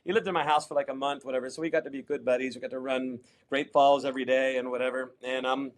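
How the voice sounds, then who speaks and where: A middle-aged American man telling stories in a casual interview, animated and acting out quoted voices. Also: mid-range voice, quick pace. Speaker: interview guest, champion kayaker.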